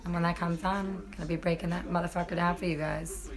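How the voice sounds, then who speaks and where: A woman's voice: on the low side, little pitch movement, fast talker. A young woman, chatting casually and cursing as she talks to viewers on a live stream. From New York.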